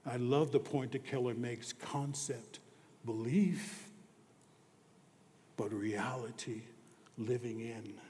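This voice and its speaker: Slow, earnest preacher man in a reverberant hall. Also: medium pitch, a little hiss or hum. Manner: earnest, swings between hushed and emphatic preaching. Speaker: pastor. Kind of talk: sermon. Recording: long reverb of a large hall.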